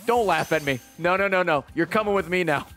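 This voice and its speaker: A man in his thirties commentating live on his gameplay, swearing and reacting loudly and excitably. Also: high-pitched, a little fast, soft background music. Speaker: streamer playing a video game.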